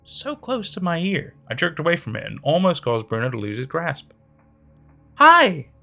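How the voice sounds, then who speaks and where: Expressive, gravelly horror narrator. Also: male voice, on the high side, a little fast. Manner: dramatic, expressive reading. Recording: faint background music.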